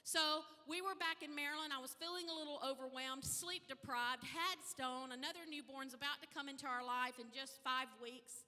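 A woman pastor, telling her story in an animated testimony sermon and acting out the dialogue. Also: high voice, moderate pace, hardly any pauses. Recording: reverberant hall.

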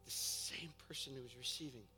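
A man preaching a sermon, exhorting with repetition and swinging from hushed, quiet passages to loud emphatic ones. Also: medium pitch, a little fast. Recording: reverberant hall with faint music.

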